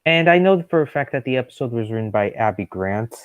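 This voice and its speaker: A young man chats and gives opinions on a stream, agreeing quickly. His mid-pitched voice moves with wide, lively swings. The mic sounds close and dry, and the audio is dull and lo-fi. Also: dry recording. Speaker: stream guest. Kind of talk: casual chat.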